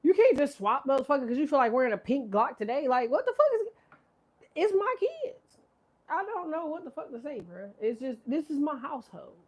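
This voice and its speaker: A woman's voice: high-pitched, sing-song, a little fast, a little mellow. A woman in her thirties giving a casual tarot reading, rambling, profane and laughing often. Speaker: tarot reader. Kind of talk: casual live tarot chat.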